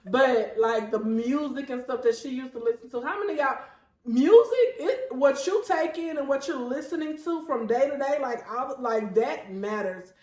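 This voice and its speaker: A woman's voice: high voice, normal speed, few pauses, darkish tone, roomy sound, poor audio. A woman, hosting a casual faith talk show and speaking heartfelt and chatty to her viewers. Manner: chatty and heartfelt, often addressing viewers as y'all. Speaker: host.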